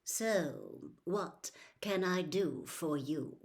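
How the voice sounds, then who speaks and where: A woman's voice: fairly low pitch, expressive, extremely slow, heavily acted. A woman reading aloud and voicing a cold male wizard who speaks lazily, silkily and with a sneer. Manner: lazy, silky and sneering. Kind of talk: audiobook reading.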